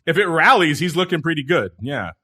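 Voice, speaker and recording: A man's voice: fairly high pitch, expressive, brisk, sharp tone, husky. A man hosting a podcast in casual chat, teasing his co-hosts playfully. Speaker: podcast host.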